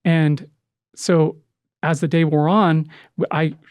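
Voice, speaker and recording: A middle-aged man telling an emotional personal story in conversation, earnest and halting, with many restarts. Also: a little high, little pitch movement, a little mellow, clear, resonant tone, no echo. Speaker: podcast guest, adoptive father.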